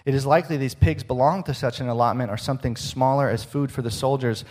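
A man preaching a sermon, slowing for emphasis and dropping to a hush at the ends of lines. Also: mid-range voice. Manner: expressive, slows for emphasis and drops to a hush at line ends.

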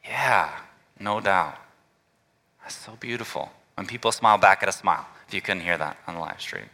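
A male pastor preaching a relaxed, conversational sermon and inviting the congregation to call out answers. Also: deep voice, normal speed, in a large hall. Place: church sanctuary.

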